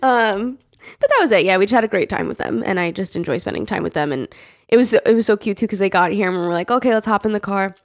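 A woman co-hosting a podcast, telling stories in casual chat and acting out the quotes in a higher voice. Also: fast talker, no room sound, clean studio sound. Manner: animated storytelling, acts out quotes in a high voice. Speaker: podcast co-host.

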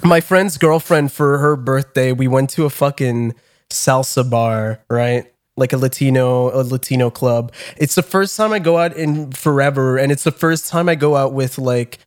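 A man's voice: medium pitch, moderate pace. A man co-hosting a podcast, chatting casually with loose, profane reactions. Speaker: podcast co-host.

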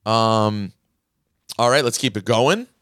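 A man's voice: fairly low pitch, slow, a bit bright, dry recording, clean studio sound. A man hosting a podcast in casual chat, animatedly reading listener emails aloud. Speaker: podcast host.

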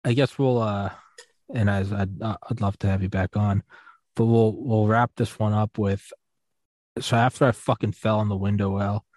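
A podcast host with a fairly low, slightly mellow voice and fairly even intonation talks at a normal speed. He tells a rambling, profane drinking story in casual chat, full of fillers and restarts. The recording is studio quality with no room sound.

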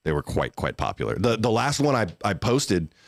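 A man's voice: on the low side, very animated, normal speed, gravelly, no room sound, studio quality. A young man from Texas hosting a podcast livestream, chatting casually and joking with his producer. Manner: laid-back, joking, says dude and bro. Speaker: podcast host.

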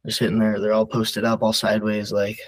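A young man with a lowish voice talks casually as a podcast guest. He rambles through his stories, leaning on filler words and restarts. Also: completely flat delivery, a little fast, rough recording. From Nebraska. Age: young adult. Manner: rambling, filler-heavy storytelling. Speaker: guest wrestler.

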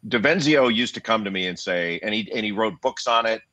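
A man in his fifties from the United States, a basketball analyst talking as an interview guest in a measured, reasoned way with frequent restarts. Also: fairly low pitch, pushed and bright, no room sound. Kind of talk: interview conversation. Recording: dull lo-fi dry sound.

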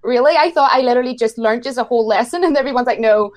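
A woman's voice: on the high side, racing, darkish tone. A woman from Ireland with an Irish accent, chatting casually and laughing often. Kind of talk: casual chat.

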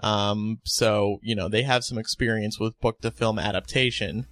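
A man's voice: fairly low pitch, fairly even intonation, normal speed, a bit bright. A man co-hosting a casual chat, relaying film news with chatty asides.

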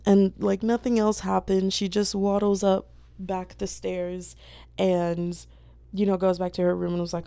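A woman's voice: on the low side, vocal fry, dark tone, no room sound. A young woman chatting casually on her channel, retelling a story in a rambling way, full of fillers and quoted voices. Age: young adult. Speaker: book vlogger.

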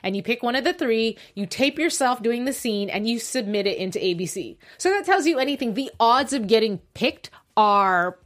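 A woman's voice: a little high, expressive, moderate pace, hardly any pauses. A young woman co-hosting a live online show, chatting casually, laughing easily and making self-deprecating asides. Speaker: co-host.

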